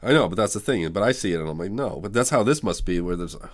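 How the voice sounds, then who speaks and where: Podcast co-host, male, low voice, interrupts and riffs. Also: lively intonation, fast talker, slight background noise. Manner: interrupts, riffs on silly names. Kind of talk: casual comedic chat.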